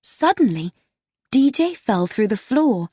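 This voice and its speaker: A woman narrates an audiobook story at a very slow, careful pace. Her pitch moves lively up and down, and the recording is dry and close. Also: dry recording. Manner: slow, clear storybook reading.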